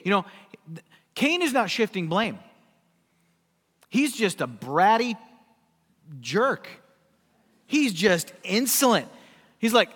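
High-voiced man preaching in a reverberant hall. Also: very animated, moderate pace, a bit bright. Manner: emphatic preaching with rhetorical questions. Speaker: pastor. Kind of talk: sermon.

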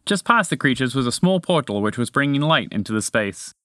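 A man reading a children's story aloud in a lively storytelling manner. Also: medium pitch, brisk, no echo, studio quality. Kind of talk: scripted narration.

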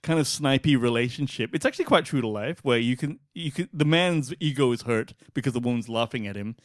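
A man's voice: mid-range voice, a little fast, no echo, studio quality. A man co-hosting a podcast, chatting casually, swearing and laughing as he tells stories. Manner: swearing, laughing, animated storytelling. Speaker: podcast co-host. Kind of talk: casual chat.

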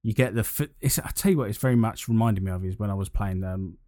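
A man's voice: fairly low pitch, quick pace, mellow, no echo, clean studio sound. Rambling man chatting about games. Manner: rambling, lots of fillers and restarts, enthusiastic. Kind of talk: casual gaming chat.

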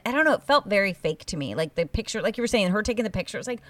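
A woman's voice: mid-range voice, fast, hardly any pauses, no room sound, far from the mic. A woman co-hosting a casual reality TV recap, gossipy and acting out what others said. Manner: animated, gossipy, acts out quotes.

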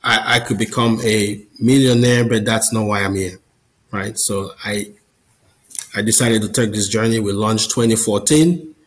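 On a low-quality recording, a fairly low-pitched man speaks at normal speed. He is a Catholic business founder guesting on a podcast, sharing his personal testimony in an earnest, chatty way and frequently repeating words.

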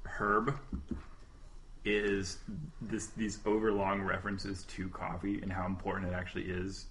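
Podcast host, male, bright and slightly low voice, playful rambling chat, faint room hum. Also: monotone, unhurried. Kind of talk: casual comedic chat.

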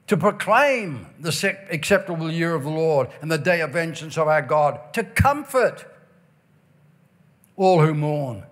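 A man preaching a revival sermon, stretching key words, breaking into shouts and a sing-song cadence while reading scripture. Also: high voice. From Ireland. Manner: emphatic, drawn-out stresses, bursts of shouting and sing-song phrasing.

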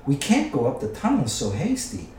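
A man voices a slimy, wretched cave creature, hissing, whining and wheedling while calling himself "precious". His medium-pitched, warm voice swoops wildly at a moderate pace, recorded far from the mic in an echoey room.

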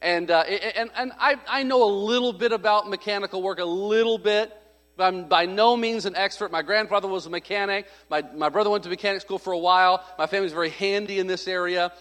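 A man's voice: high-pitched, steady tone, quick pace, fairly bright tone. A man preaching a sermon, telling a story in a conversational, humorous way and acting out the voices of people he quotes. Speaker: pastor. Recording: long hall reverb.

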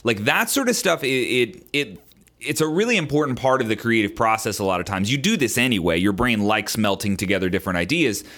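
A man co-hosting a casual podcast, explaining drum practice at length in a relaxed way and chuckling often. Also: on the low side, a little fast. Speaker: podcast co-host, drummer.

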